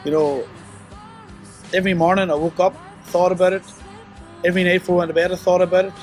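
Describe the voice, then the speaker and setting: A young man telling a painful personal story in an interview, halting and remorseful, with many restarts and fillers. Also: flat delivery, a little mellow, faint music behind. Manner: halting, full of "you know" and restarts; remorseful, low and subdued.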